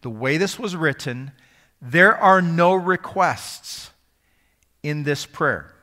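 High-voiced preacher in an echoing hall. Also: male voice, expressive, slow pace, pushed and bright. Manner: conversational, quizzes the audience. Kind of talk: sermon.

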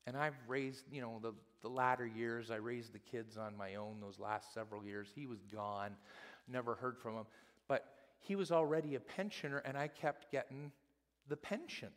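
A man's voice: medium pitch, moderate pace, long reverb tail, lightly acted. A preacher doing a chatty widowed churchwoman. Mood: earnest. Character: excited older widow churchgoer, woman.

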